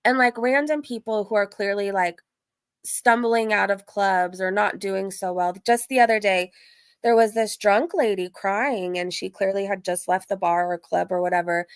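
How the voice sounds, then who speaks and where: A woman live-streaming in a casual, chatty way, animated, with frequent laughs and "like" fillers. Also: mid-range voice, normal speed, clean tone, dry recording. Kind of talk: casual chat.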